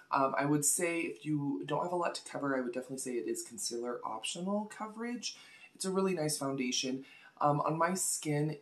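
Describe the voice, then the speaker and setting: A woman hosting a casual beauty product review vlog, chatty and gushing, often repeating words for emphasis. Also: very deep voice. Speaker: beauty vlogger.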